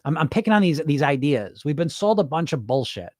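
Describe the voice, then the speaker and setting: A man's voice: on the high side, a little fast, dry recording, clean studio sound. A man on a weight loss live stream, reading viewers' comments and answering bluntly, swearing freely and acting out what dieters tell themselves. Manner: blunt, animated, swears freely, acts out dieters' inner voices. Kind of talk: casual live-stream talk.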